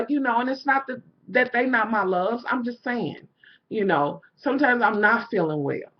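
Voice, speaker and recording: A woman's voice: on the high side, animated, moderate pace, dull audio. A middle-aged woman vlogging, ranting candidly to her viewers, swearing freely and saying "you know" often. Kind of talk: casual rant to viewers.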